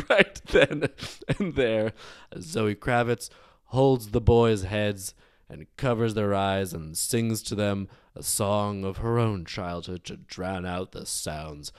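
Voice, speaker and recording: A man hosting a storytelling show, narrating a dark tale casually with wry, digressive asides. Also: fairly low pitch, no echo, clean studio sound. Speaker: storyteller host.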